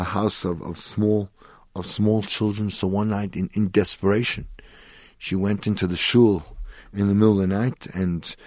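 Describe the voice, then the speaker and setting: A middle-aged man speaks as a rabbi hosting a Torah talk radio show, telling stories sprinkled with Hebrew and Yiddish terms. His voice is low. The sound is dry and close, with no room around it. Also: no room sound.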